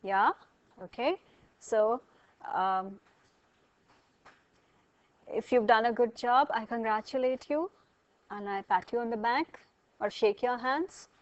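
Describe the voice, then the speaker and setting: A woman's voice: fairly high pitch, takes it slowly, pauses often, no echo, lo-fi sound. A woman lecturing a college class, asking students questions and explaining with everyday examples.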